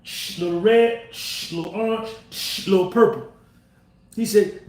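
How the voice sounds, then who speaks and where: High-voiced man telling a story. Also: unhurried, a little mellow. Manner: repetitive, acts out quoted dialogue. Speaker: podcast host. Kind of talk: casual storytelling. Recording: roomy echo.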